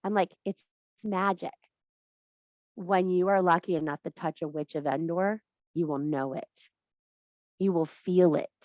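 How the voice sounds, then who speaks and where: A woman's voice: lowish voice, moderate pace, dry recording, muffled recording. A woman hosting a workshop in a blunt, profane, theatrical way, often laughing. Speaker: workshop host. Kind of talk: fiery informal workshop talk.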